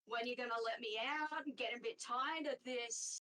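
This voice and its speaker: A woman voicing an impatient male hyena prisoner who talks quickly and sounds fed up. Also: a little high, pushed and bright.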